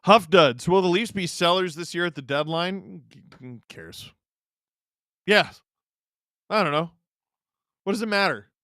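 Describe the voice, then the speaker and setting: A man with a high, bright, forceful voice runs a live watch-along stream, cracking sarcastic jokes and reading viewer questions. The sound is dry and close, with no room echo. His banter is quick and joking. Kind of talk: casual watch-along commentary, reading chat.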